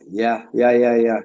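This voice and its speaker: A man's voice: medium pitch, gravelly, a little mellow. Guy rambling to chat on stream, keeps restarting, says it's it's a lot, kinda muffled lo-fi audio. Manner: halting, repeats words and restarts, laughs and swears. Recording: dull lo-fi sound.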